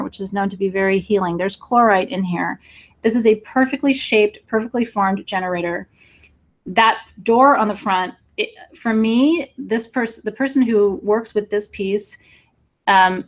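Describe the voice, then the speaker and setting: A woman hosting a live crystal sale online, talking excitedly to viewers in an emotional, gushing way and laughing often. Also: mid-range voice. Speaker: livestream crystal seller. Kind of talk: live sales stream, chatting with viewers.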